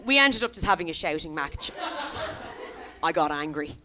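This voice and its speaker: Lively Irish woman doing stand-up. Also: sits low, normal speed, a crowd in the background, background noise. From Ireland. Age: 30s. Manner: animated storytelling, acts out quoted voices. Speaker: stand-up comedian. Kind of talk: stand-up comedy set. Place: comedy venue stage.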